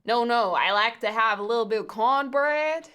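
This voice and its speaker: A woman's voice: a little high, fairly bright tone, clear, resonant tone. A woman putting on an exaggerated Southern American drawl for fun, drawing out her words. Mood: playful. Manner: slow, exaggerated drawl, laughing.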